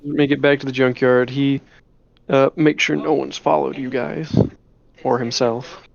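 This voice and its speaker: A man's voice: medium pitch, flat delivery, unhurried, vocal fry, lo-fi sound. A man narrating a tabletop game as game master, rambling with many restarts and fillers. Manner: rambling, full of "you know" and restarts.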